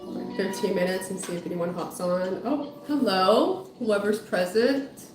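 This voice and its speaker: With a medium pitch and measured pace, a woman who is both a psychotherapist and a spiritual medium casually chats with livestream viewers between tarot readings. She says hi to people and often stops mid-thought to begin again. Recorded at home, the audio sounds roomy, with background music and a dog outside.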